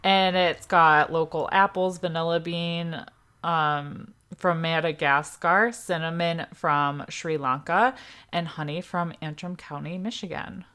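Woman co-host, low-pitched, casual chatty podcast talk, laughs easily. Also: fairly even intonation, unhurried, sharp tone. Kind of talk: casual chat.

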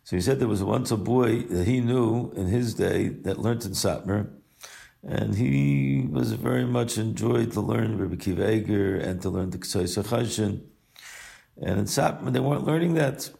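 Gravelly deep-voiced older rabbi. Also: male voice, dark tone. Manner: unhurried, weaves Hebrew and Yiddish terms into English. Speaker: rabbi and yeshiva teacher. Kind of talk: recorded personal message and story.

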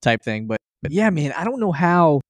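A man co-hosting a sports podcast, talking in an animated way with rhetorical questions. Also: on the high side, normal speed, no room sound. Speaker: podcast co-host. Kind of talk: casual sports chat.

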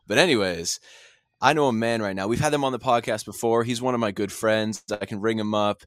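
Male podcast host, lowish voice, jokey hype intros, dry close mic with faint music. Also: brisk, fairly bright tone, no room sound. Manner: joking, hype-style introductions. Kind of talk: casual podcast hosting.

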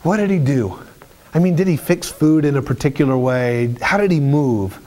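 A man preaching a sermon in an animated, storytelling way, with colloquial asides and frequent restarts. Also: a little high, normal speed.

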